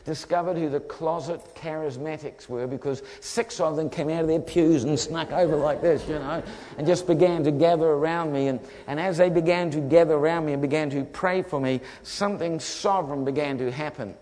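New preacher, slightly high voice. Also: male voice, a little fast. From New Zealand. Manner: lively storyteller acting out voices. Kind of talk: humorous testimony sermon. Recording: long hall reverb.

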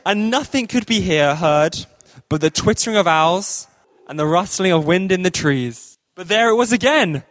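A man's voice: sits high, lively intonation, measured pace, a bit bright. A man telling a children's story in church, playful with jokey asides. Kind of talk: lively read-aloud storytelling.

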